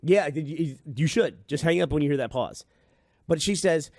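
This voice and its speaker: A man on a podcast telling a story in casual chat, animated and acting out the voices of the people he quotes. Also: fairly high pitch, fairly quick, no room sound, clean studio sound. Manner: animated, acts out quoted dialogue. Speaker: podcast host. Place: podcast studio.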